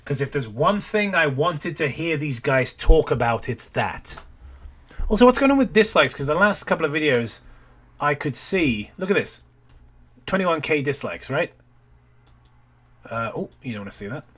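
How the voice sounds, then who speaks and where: A man's voice: fairly high pitch, expressive, normal speed, a bit bright, slightly rough. A man giving sarcastic reaction commentary over a gameplay video, critical and swearing casually.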